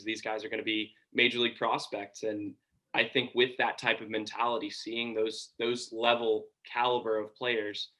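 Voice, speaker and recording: A man's voice: on the low side, sharp tone, low-quality recording. A young man from Georgia, a college sports broadcaster, answering interview questions thoughtfully with frequent ums. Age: young adult. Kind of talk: casual interview.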